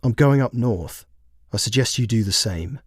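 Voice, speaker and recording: A man's voice: medium pitch, animated, normal speed, slightly rough, no echo, clean studio sound. A man voicing a wary, hardened resistance survivor who talks in blunt, terse lines in an audio story.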